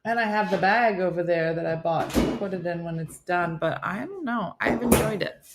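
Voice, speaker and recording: A woman's voice: on the low side, expressive, moderate pace, noisy background. A woman hosting a casual live-stream chat, reading viewer comments aloud and answering them. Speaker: host.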